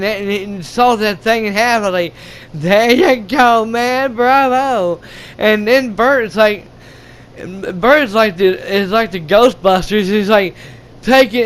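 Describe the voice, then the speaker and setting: A man retelling a movie's plot in a casual, halting, profane way, often restarting his sentences. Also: high-pitched. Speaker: gaming channel host.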